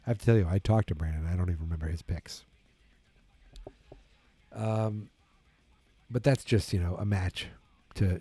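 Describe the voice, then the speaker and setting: Tired, rambling man with a low voice. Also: dark tone, breathy edge, no room sound. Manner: rambling, lots of fillers and restarts. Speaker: wrestling podcast host. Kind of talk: casual solo commentary.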